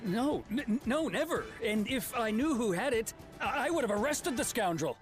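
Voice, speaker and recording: A man voicing a shifty, corrupt frontier lawman in a video game, smug but quick to stammer. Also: extremely high pitch, lively intonation. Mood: flustered. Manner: smug, then stammering when caught. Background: game music.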